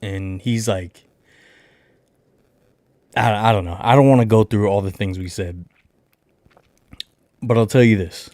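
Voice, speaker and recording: A young adult man hosting a casual livestream, telling a long rambling story with lots of filler and animated retellings. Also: lowish voice, a little slow, long pauses, dry recording, studio quality. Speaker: livestream host.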